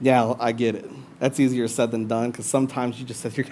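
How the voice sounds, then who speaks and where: A pastor preaching a conversational sermon to a congregation, swinging between loud bursts and hushed asides. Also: male voice, medium pitch, flat delivery, fairly quick. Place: church service before a congregation.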